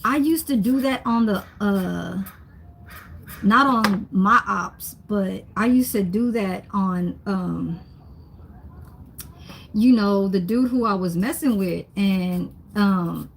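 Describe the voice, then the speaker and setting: A woman's voice: mid-range voice, takes it slowly, gravelly, slight background noise. A young woman, chatting casually on a livestream while she cooks, reading comments and laughing often. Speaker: livestream host. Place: home kitchen.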